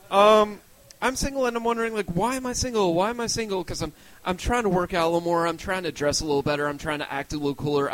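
High-voiced self-mocking male stand-up. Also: a bit bright, low-quality recording. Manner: self-deprecating, rambling with restarts. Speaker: stand-up comedian. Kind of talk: stand-up set.

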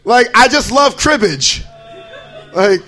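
A man's voice: extremely high pitch, animated, slow, sharp tone, faint music behind, low-quality recording. A young adult man from Idaho performing a stand-up comedy set, bouncing into exaggerated character voices. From Boise, Idaho.

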